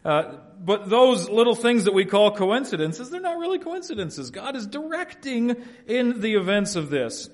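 A man preaching an expository sermon, shifting between quiet, folksy asides and loud, emphatic passages. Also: high voice, sing-song, moderate pace. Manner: folksy family anecdotes, laughs at own stories. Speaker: pastor.

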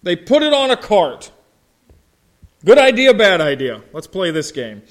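A man from Ohio, a pastor with a slow drawl, preaching a sermon and telling folksy stories while quizzing his congregation. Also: sits high, very animated. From Ohio, United States. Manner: folksy storytelling, asks the congregation questions.

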